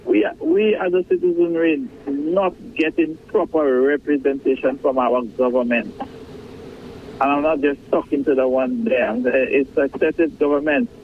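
A man's voice: medium pitch, lively intonation, a little slow, gravelly, slight background noise. A Saint Lucian man on a call-in radio show, complaining with emphatic, repeated phrases. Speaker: caller. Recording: phone line.

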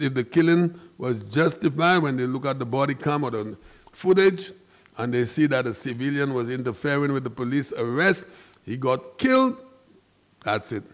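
A man with a Saint Lucian accent giving an impassioned, emphatic monologue as a commentator, preaching and rising into loud outbursts. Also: mid-range voice.

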